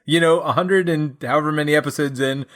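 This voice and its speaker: A man's voice: on the high side, fairly even intonation, fast talker, a bit bright. A man co-hosting a board game podcast in casual chat, with a dry, easygoing humor. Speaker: podcast co-host, game designer.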